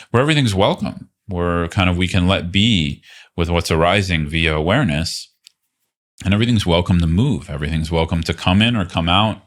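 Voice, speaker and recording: A man teaching meditation in a relaxed, thoughtful way, pausing with fillers and restarting his phrases. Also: low voice. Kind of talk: casual teaching talk.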